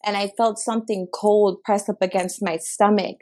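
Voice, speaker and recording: A woman's voice: medium pitch, little pitch movement, normal speed, darkish tone. A young adult woman, a podcast guest, earnestly and animatedly retelling a personal story with many filler words. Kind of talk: emotional storytelling.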